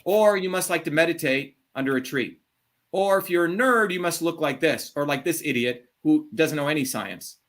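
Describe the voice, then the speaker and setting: A middle-aged man with a voice a little higher than most men's holds forth on a call-in show. He is blunt and combative, swears freely and leans hard on his points in a heated monologue. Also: expressive, normal speed, a bit bright. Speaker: show host.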